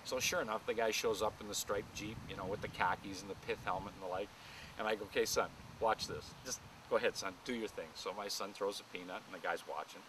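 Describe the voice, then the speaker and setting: A middle-aged man doing a stand-up set in a driveway, telling family stories in a deadpan way and jumping higher for the lines he quotes. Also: fast talker. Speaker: amateur comedian. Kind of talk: stand-up storytelling. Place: outdoors in a driveway near traffic. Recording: distant camera mic outdoors, traffic noise.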